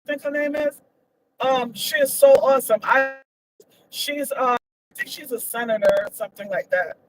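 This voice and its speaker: A woman's voice: high-pitched, normal speed, no echo, low-quality recording. A woman giving her opinions in a casual vlog, emphatic and repetitive, her voice leaping up when she gets indignant. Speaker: vlogger.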